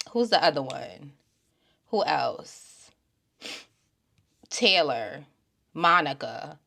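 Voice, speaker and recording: A woman giving blunt, profane opinions in a casual vlog, dropping from low mutters to loud exclamations. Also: vocal fry. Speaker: TV show reviewer.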